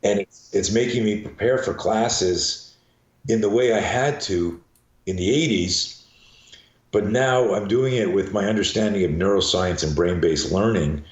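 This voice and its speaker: A man's voice: on the low side, unhurried, echoey room, muffled recording. An older man, a self-defense coach, talking in a casual interview, chatty and restarting words as he thinks. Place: garage.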